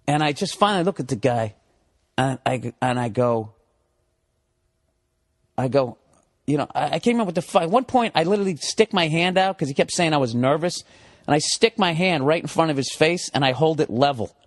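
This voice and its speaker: A man, a comedian guest in a podcast studio, telling a profane comic story into a studio mic, dropping to low mutters and then climbing into high, excited rants. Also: moderate pace.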